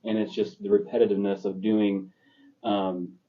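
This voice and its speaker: Flat-voiced man, earnest and distant. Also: on the low side, moderate pace, dull audio. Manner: earnest, reflective, speaks in run-on thoughts. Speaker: podcast co-host. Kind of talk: casual chat.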